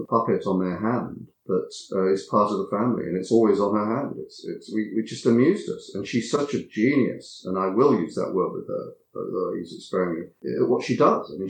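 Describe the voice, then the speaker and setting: Low-voiced man telling stories, roomy sound. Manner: reflective, halting, repeats words while thinking. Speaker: actor being interviewed. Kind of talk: anecdotal interview chat. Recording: roomy echo.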